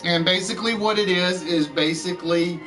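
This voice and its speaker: A man hosting a live-streamed chat game show, with showy, drawn-out announcing. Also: sits high, far from the mic, over music.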